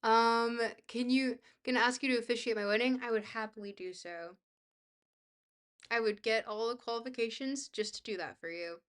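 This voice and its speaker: A woman's voice: a little high, fairly even intonation, normal speed, fairly bright tone. A young woman livestreamer chatting casually with her viewers, bubbly, goofy and self-deprecating. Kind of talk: casual chat, reading viewer messages.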